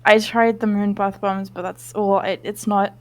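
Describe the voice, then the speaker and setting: A woman playing a tabletop game, speaking in an anxious, halting way. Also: medium pitch, level tone. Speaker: player.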